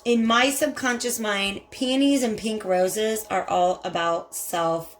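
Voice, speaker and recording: A woman's voice: mid-range voice, measured pace, soft background music. A woman with a Southern US accent giving a chatty, effusive tarot reading and talking straight to her viewers. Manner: chatty and effusive, addresses viewers as "you guys". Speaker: tarot reader. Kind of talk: casual spiritual tarot reading.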